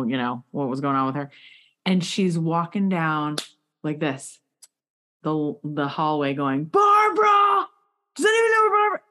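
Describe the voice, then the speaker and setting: A woman interviewing a guest, telling a long personal story in a chatty, animated way with many asides. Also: deep voice. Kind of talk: casual interview chat.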